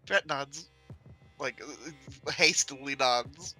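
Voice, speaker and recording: Bright, hesitant young-sounding man. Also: medium pitch, slow pace, breathy edge, soft background music. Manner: hesitant, full of ums and uhs. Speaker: player. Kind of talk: describing moves in a tabletop game.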